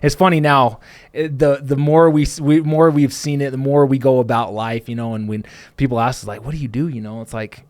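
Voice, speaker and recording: A man's voice: mid-range voice, fairly even intonation, fairly quick, darkish tone, dry recording. Rambling man telling a story, dry sound. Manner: rambling, many fillers and restarts, quotes people. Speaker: podcast host, plumbing business owner. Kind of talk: casual storytelling chat.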